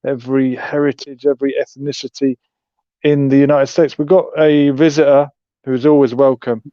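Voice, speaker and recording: A man's voice: mid-range voice, little pitch movement, normal speed, mellow, no echo, lo-fi sound. A man hosting a livestream, musing with wry, sarcastic commentary. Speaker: host.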